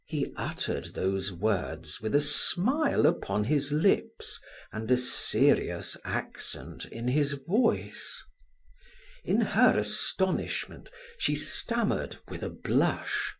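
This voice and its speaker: A husky-voiced man narrates a classic novel at a slow, deliberate pace. His pitch swings widely and expressively through the story. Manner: expressive, measured reading. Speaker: audiobook narrator. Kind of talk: scripted narration.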